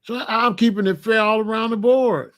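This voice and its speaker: Blunt, high-voiced man ranting to viewers. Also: steady tone, brisk, fairly bright tone. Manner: blunt, emphatic, talks straight to viewers. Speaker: commentator. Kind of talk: casual political commentary.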